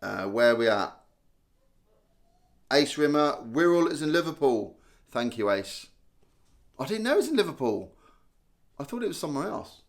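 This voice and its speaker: A man's voice: fairly high pitch, big pitch swings, moderate pace, pauses often. A young man hosting a casual live stream, chatting and joking as he reads out viewer comments. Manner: chatty, self-mocking, reads viewer names aloud.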